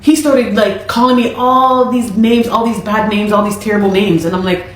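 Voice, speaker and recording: A woman telling her story in an exasperated, animated way. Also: mid-range voice, normal speed, hardly any pauses, slight background noise. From Canada. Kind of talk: personal account. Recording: echoey room.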